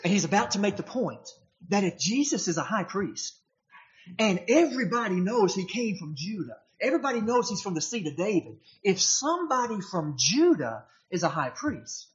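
A male preacher delivering a sermon in an emphatic manner, often turning his points into rhetorical questions. His voice sits a little high for a man. The recording is dull and lo-fi. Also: big pitch swings, normal speed.

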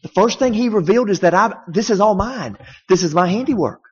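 A male pastor preaches with conversational emphasis, drawing his listeners in with rhetorical questions. His voice is a touch high for a man. A long reverb from the sanctuary trails behind every phrase, and the sound is slightly dull. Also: expressive, fairly quick, husky. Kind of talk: sermon.

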